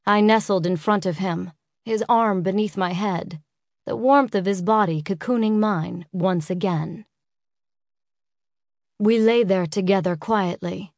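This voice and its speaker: A woman reading a first-person romance audiobook in an intimate, unhurried way. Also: fairly low pitch, a little mellow, no room sound, clean studio sound. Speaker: audiobook narrator.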